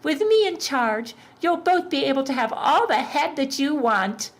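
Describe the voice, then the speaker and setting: A woman's voice: high-pitched, very animated, unhurried, voice pushed up, exaggerated voice. A woman voicing a smug, lordly male devil who talks in a commanding way.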